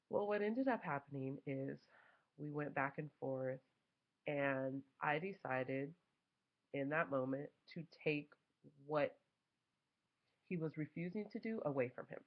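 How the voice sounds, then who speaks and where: Young mom vlogger, gravelly voice, lively storytelling, dull lo-fi recording. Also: female voice, low-pitched, moderate pace. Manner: animated, acts out quoted voices. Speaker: mother vlogger. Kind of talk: casual storytelling to camera.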